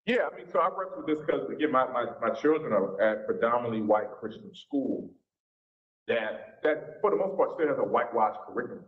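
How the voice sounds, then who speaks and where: A man's voice: medium pitch, lively intonation, brisk. A pastor in his forties with a Southern US accent, teaching a church seminar in a folksy, informal way. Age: 40s. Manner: folksy, informal preacher's talk. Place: church sanctuary. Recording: echoey, dull church recording.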